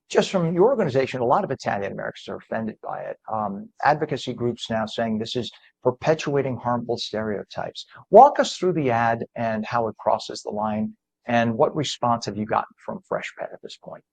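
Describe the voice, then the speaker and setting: A man hosting a morning TV show, interviewing a guest in a conversational broadcast manner that grows animated when he makes a point. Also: mid-range voice, moderate pace, creaky, no echo.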